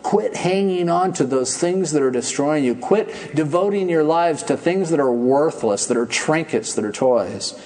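A man preaching a sermon in a conversational, animated storytelling manner. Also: a little high, a little slow, few pauses. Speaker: pastor.

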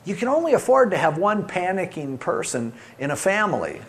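A middle-aged man preaching a sermon, swinging between loud emphasis and soft, soothing asides. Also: high voice, big pitch swings, fairly quick, slight background noise. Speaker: pastor.

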